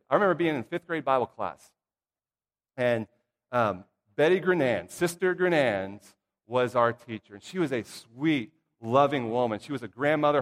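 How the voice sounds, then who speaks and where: A middle-aged preacher with a slightly high voice tells humorous church stories from the pulpit. His folksy, playful asides ring out through a long reverb of a church hall. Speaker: pastor or church minister. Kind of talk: casual storytelling sermon. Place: church sanctuary.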